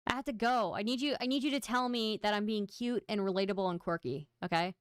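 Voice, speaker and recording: A woman's voice: mid-range voice, quick pace, smooth, no room sound, clean studio sound. A woman hosting a livestream, chatting casually and playfully with her viewers in a self-mocking way. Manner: playful, self-mocking, talks straight to chat. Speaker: livestream host. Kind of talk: casual stream chat to viewers.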